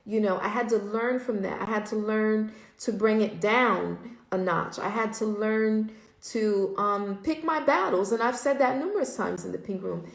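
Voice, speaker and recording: A woman's voice: medium pitch, moderate pace, creaky, roomy sound, low-quality recording. A middle-aged woman hosting a casual livestream, talking candidly and reflectively with frequent ums. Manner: candid, reflective, frequent ums, curses when quoting herself. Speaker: host.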